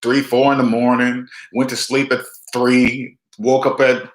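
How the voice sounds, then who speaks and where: With a mid-range voice showing little pitch movement, a man in his forties speaks at a measured pace in an echoey room. He's a personal finance vlogger giving a casual, preachy motivational talk straight to viewers, repeating himself and acting out quotes.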